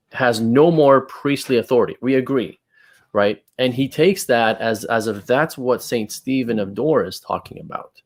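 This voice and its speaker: A man hosting a casual discussion, reading passages aloud and pushing back on them with exasperated emphasis. His voice sits at a middle pitch. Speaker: channel host.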